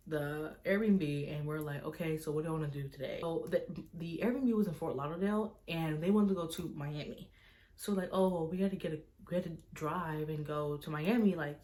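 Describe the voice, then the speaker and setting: A young woman with a slightly low-pitched voice tells a story to her camera. She talks casually, scatters "like" through her sentences and slips into other people's lines as she retells the conversation. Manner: casual, fills speech with "like", retells dialogue in quoted voices. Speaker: vlogger.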